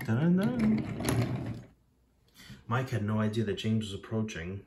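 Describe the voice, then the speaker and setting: Low-voiced man narrating a homemade story. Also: steady tone, brisk, heavy background noise. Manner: rambling, jokey asides.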